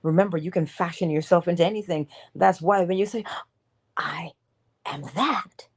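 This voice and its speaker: A woman's voice: lowish voice, steady tone, fast, dark tone. A woman giving an inspirational morning talk in an emphatic, preacher-like way, sometimes dropping to a whisper. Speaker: motivational speaker.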